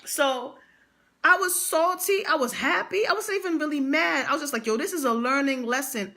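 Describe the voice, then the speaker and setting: A woman's voice: high-pitched, moderate pace, pushed and bright. A young adult woman speaking, telling a motivational story with emphatic repetition and slang. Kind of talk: motivational vlog monologue.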